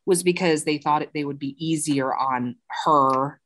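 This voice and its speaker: A woman with a notably low voice talks through a true crime case in a relaxed, conversational way. She narrates with chatty asides and fillers, like someone telling a friend a story. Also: moderate pace. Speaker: true crime podcast host. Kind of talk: casual storytelling chat.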